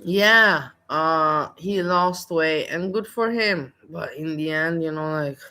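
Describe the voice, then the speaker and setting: Woman, bright sharp voice, gossipy and scornful in casual chat. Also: low-pitched, slow.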